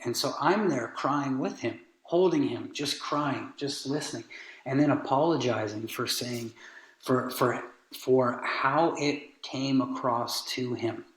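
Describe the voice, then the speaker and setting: A man's voice: mid-range voice, slow. A man telling a family story in earnest, casual conversation, acting out the people he quotes. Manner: earnest storytelling, animated retellings. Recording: roomy echo.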